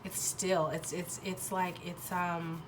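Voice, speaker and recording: Nasal woman giving a halting tarot reading. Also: lowish voice, flat delivery, background noise. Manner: halting, searching for words with many restarts. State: nasal from a sinus infection. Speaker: tarot reader. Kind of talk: casual intuitive tarot reading.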